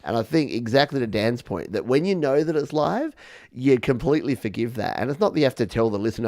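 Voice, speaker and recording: A man's voice: mid-range voice, expressive, quick pace, a little mellow, no room sound, studio quality. A man guest on a music panel, enthusiastic, stammering into restarts as he talks. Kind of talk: casual panel discussion.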